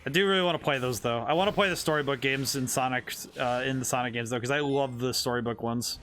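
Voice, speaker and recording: A man's voice: mid-range voice, fast, a bit bright, a little hiss or hum. A man streaming a video game, chatting casually and playfully as he plays, thinking aloud and rambling from one thought to the next. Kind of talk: casual live-stream commentary while playing.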